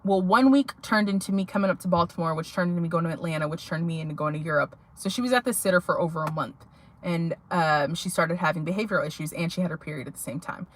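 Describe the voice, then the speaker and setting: A woman's voice: on the low side, fast talker. A young adult woman vlogging to her viewers, telling a rambling story in a chatty way with many fillers. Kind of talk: casual chat to viewers.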